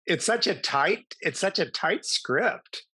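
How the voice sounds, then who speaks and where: A middle-aged man, an actor, telling animated, self-amused anecdotes as an interview guest. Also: high-pitched, slow, breathy edge, no room sound. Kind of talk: casual interview storytelling.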